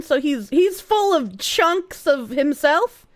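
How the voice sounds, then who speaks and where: A young woman streamer chats loosely with her viewers, swearing and laughing as she goes. Her voice sits high and swings widely in pitch. She is recorded close and dry, with a slightly thick sound from her sore tongue. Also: very animated, takes it slowly, no echo. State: talking around a sore swollen tongue. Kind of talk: casual live-stream chat.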